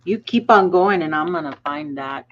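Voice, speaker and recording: A woman co-hosting a podcast, talking casually and brisk, sounding exasperated. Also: fairly low pitch, lively intonation, lo-fi sound. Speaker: podcast co-host.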